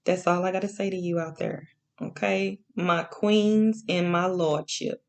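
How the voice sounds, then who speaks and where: Slow, repetitive woman preaching casually. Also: on the low side, fairly even intonation, darkish tone. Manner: slow and repetitive, with many "okay?" check-ins. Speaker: online Bible teacher. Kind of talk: casual spoken sermon to camera.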